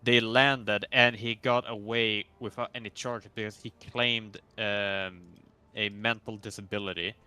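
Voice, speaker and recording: A man chatting while gaming, who talks haltingly with many fillers and restarts as he brings up news. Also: fairly low pitch, steady tone, pushed and bright, clean tone, no room sound. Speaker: co-player. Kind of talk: casual chat while playing.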